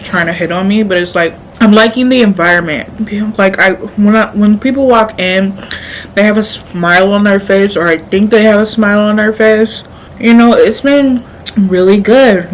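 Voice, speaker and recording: A woman's voice: medium pitch, slight background noise, low-quality recording. A young woman vlogging casually, animatedly telling a story and often laughing while she eats.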